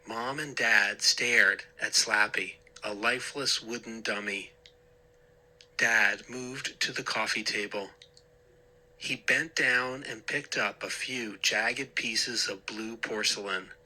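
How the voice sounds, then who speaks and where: Male horror narrator, slow and dramatic, bright forceful tone. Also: fairly low pitch, poor audio. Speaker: storyteller. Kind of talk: scripted horror story narration.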